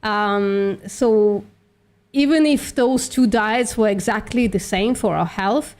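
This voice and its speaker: A woman's voice: medium pitch, slow, darkish tone. A woman hosting a livestream who is losing her voice a little, reasoning aloud with many fillers in a casual voice-chat debate. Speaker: livestream host doing outreach calls.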